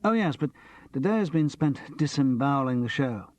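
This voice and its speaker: A man's voice: mid-range voice, expressive, normal speed, a little mellow, dry recording, natural voice. A man voicing a nervous, theatrical young actor with a camp, lightly mocking way of talking.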